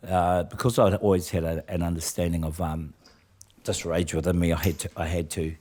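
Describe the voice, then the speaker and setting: A man's voice: low-pitched, flat delivery, brisk, dark tone. A man, a guest telling rambling stories in a casual interview, with many restarts.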